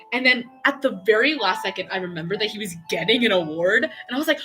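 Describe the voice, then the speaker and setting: A young woman telling a long, excitable story on a painting stream, chatty and full of fillers and quoted dialogue. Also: mid-range voice, fast talker, few pauses, soft background music. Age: young adult.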